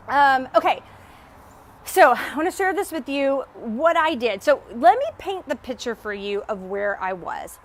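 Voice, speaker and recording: A woman's voice: high voice, lively intonation, measured pace, a little hiss or hum. A woman business coach chatting on a live stream while walking home outdoors, upbeat and a little out of breath, often greeting her viewers. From Texas. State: slightly out of breath.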